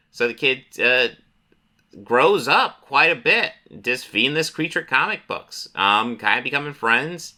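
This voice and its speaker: Bright-voiced man rambling through a comic recap. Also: medium pitch. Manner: rambling, profane, acts out characters in quick voices. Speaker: comic book reviewer. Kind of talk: casual recap and commentary.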